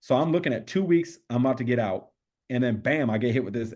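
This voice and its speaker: A man with a mid-pitched voice tells his story to a podcast host. He talks in a casual, candid way, with streetwise slang and plenty of swearing. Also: animated, fast, a little mellow. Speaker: podcast guest.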